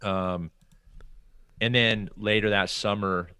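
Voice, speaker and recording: Deep-voiced man telling lively stories. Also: slow, smooth, no room sound. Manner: animated storyteller acting out quoted people. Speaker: podcast guest. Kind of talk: casual storytelling interview.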